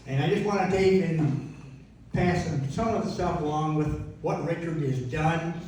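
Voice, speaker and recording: A man with a folksy, unhurried way of talking who tells a story about the deceased at a memorial. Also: a little high, darkish tone. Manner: folksy, unhurried, retells a conversation and chuckles. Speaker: former club officer speaking at a memorial. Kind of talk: slow anecdotal storytelling. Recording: echoey hall from a distant mic, faint noise.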